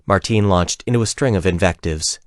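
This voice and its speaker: A man reading fantasy fiction aloud as an audiobook narrator, in a steady, even storytelling manner. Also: low-pitched, brisk, no echo, studio quality.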